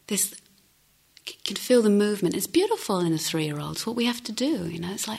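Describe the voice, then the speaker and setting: A middle-aged woman meditation teacher giving a gentle, reflective dharma talk with unhurried pauses. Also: mid-range voice, animated, vocal fry, slightly rough.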